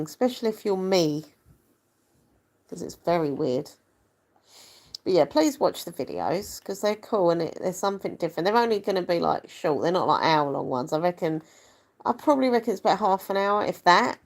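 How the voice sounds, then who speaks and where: Young woman, vlogger, rambling casual chat, a touch low-pitched. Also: expressive, moderate pace. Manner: chatty, rambling, self-deprecating.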